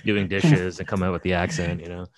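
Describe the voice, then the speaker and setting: A man's voice: sits low, little pitch movement, fast. A man interviewing a guest, asking loose, conversational questions full of "like" and "you know".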